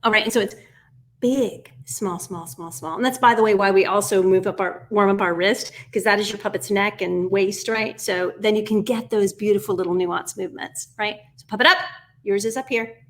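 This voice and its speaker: An American woman in her forties teaching a puppetry workshop, energetic and encouraging, counting steps aloud and often dropping to a whisper. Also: mid-range voice, brisk, hardly any pauses. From United States. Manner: energetic and encouraging, keeps asking "right?". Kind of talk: online workshop instruction.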